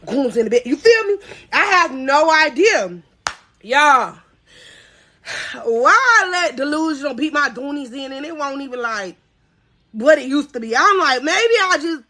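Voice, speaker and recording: A woman in her thirties telling a story on a live podcast, animated, swinging from loud cries to low asides.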